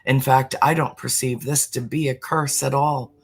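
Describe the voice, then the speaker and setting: A middle-aged man holds a heartfelt spiritual conversation in a mid-range voice with fairly even intonation and a breathy edge. His delivery is slow and deliberate, at times sinking to a near-whisper for emphasis.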